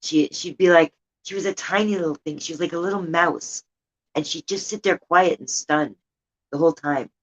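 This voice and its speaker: Her voice is fairly low and moderately paced, heard through lo-fi audio. An older woman, she hosts a meandering, casual livestream from her home room, heater running, and occasionally gets indignant about politics.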